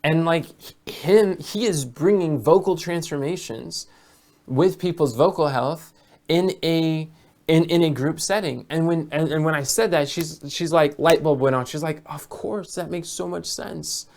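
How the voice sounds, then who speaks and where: A man's voice: on the high side, unhurried, darkish tone. A man talking as a business coach in a casual monologue, telling stories and often repeating or restarting his words. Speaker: business coach for health educators.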